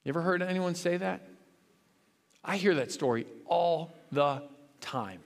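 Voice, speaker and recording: A man's voice: a little high, measured pace, gravelly. A man preaching a sermon as a pastor, earnest and rising to fervent emphasis. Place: church sanctuary. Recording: long hall reverb.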